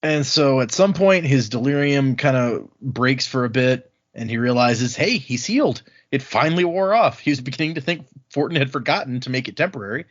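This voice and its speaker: A man's voice: mid-range voice, lively intonation. Guy on a book podcast, recaps the chapters and does little character voices, kinda dull lo-fi sound. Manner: recaps the plot, acting out characters in quick asides. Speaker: podcast host. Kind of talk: casual book-club chat.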